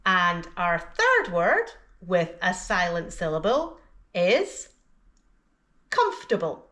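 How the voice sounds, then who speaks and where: A woman teaching English pronunciation, speaking slowly and deliberately and enunciating each word carefully so learners can repeat it. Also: on the low side, sing-song, sharp tone. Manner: clear, careful enunciation of single words. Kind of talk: slow, deliberate teaching with pauses for repetition.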